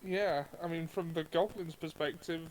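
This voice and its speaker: A man playing a tabletop game, speaking politely with hedging pauses. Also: on the high side, steady tone, poor audio. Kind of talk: casual chat at the game table.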